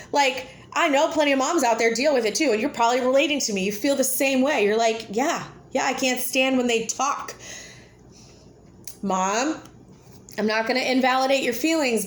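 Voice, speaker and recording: A woman, talking casually to camera as a vlogger, blunt and chatty, laughing often. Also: sits high. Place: home with children nearby. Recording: echoey room.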